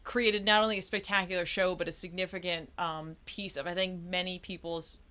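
A young adult woman hosts a casual podcast chat and gushes over her guest's work. Her sentences stall and restart as she searches for words. Her voice sits slightly low but sounds bright and crisp. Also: fairly even intonation. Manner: gushing, halting with restarts. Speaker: podcast host.

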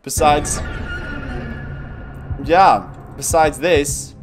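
A young man casually commentating a spooky babysitting game, joking, talking to the baby, and breaking into sudden yells. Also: a little high, extremely slow, soft background music. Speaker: gaming channel host.

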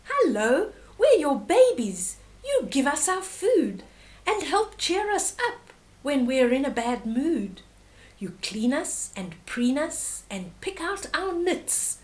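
A woman's voice: high voice, very animated, slow, exaggerated voice. A woman voicing loving baby animals. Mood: affectionate.

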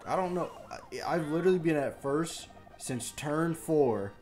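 A young man giving crude live commentary on a party video game, muttering complaints under his breath, then yelling and trash-talking the computer players. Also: a little high, expressive, unhurried, soft background music. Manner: crude trash talk, swinging from mumbled grumbling to yelling. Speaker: gaming YouTuber.

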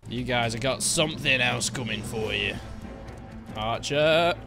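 A young man giving jokey, excitable commentary while playing a video game. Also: medium pitch, measured pace, creaky, music in the background. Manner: excitable, jokey, yelps and laughs at the action. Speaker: gaming YouTuber. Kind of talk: live gameplay commentary.

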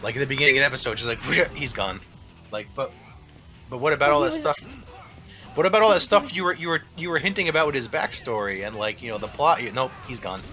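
A man's voice: medium pitch, expressive, quick pace, music in the background. A man chatting casually with friends during a game stream, rambling with lots of "like" and restarts. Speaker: let's play commentator. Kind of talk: casual chat.

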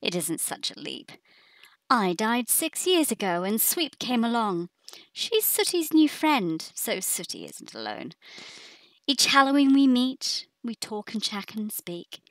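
A woman voicing Paws, a calm, purring old female cat, in a storybook poem. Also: a little high, unhurried, no room sound, exaggerated voice. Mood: explaining. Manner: purring, matter-of-fact.

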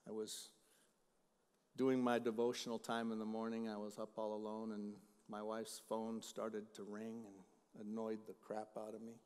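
A middle-aged male pastor preaching a sermon, shifting between loud emphatic lines and quiet storytelling. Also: lowish voice, monotone, moderate pace, smooth. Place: church sanctuary. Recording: long hall reverb.

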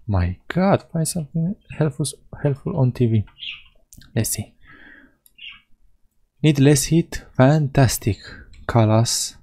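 In Let's Play commentary, a European man reads the game's dialogue aloud in silly mock voices. His medium-pitched voice is expressive but slow, with frequent pauses and a dark tone, captured in a low-quality recording.

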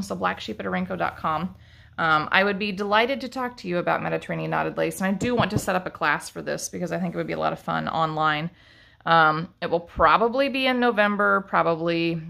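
A woman's voice: lowish voice, vocal fry, pushed and bright. A woman who runs a fiber craft shop and teaches, talking casually into a handheld phone camera on a live stream, rambling with many ums and restarts.

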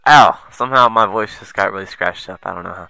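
A young man doing let's play commentary, excitable and foul-mouthed, muttering asides and then yelping at the game. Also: sits low, fast, vocal fry, no echo, low-quality recording. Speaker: gamer.

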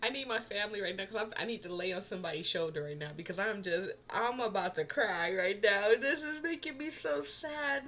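A woman's voice: mid-range voice, bright, forceful tone. A young woman commenting casually on a game she is playing, emotional, often laughing and getting teary. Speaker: let's player.

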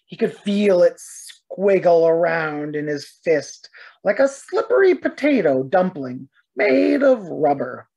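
A woman reading a picture book aloud for young children. Her narration is expressive, with lively rises and falls, a slightly low voice and an unhurried pace. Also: creaky, husky. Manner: expressive, slow storytelling. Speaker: early childhood educator. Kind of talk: children's story read-aloud.

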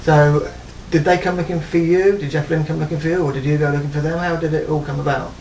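A man's voice: fairly high pitch, steady tone, quick pace, darkish tone, a little hiss or hum. A man interviewing a musician, asking brief questions and murmuring agreement. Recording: distant from mic, dull and roomy.

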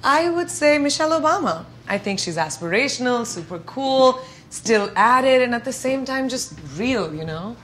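A woman in her thirties from India, giving playful, chatty quick-fire answers in an interview at home. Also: high voice, lively intonation, fairly bright tone, a little hiss or hum. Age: 30s. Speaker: celebrity guest. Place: indoors at home.

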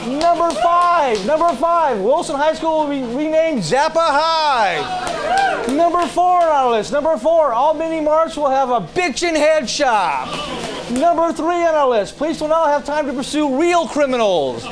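A man's voice: very high voice, very animated, measured pace, crowd noise, low-quality recording. A man hosting a local TV show, reading a jokey countdown list and introducing a guest comedian. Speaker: show host. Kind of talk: local TV host reading a top-eleven list.

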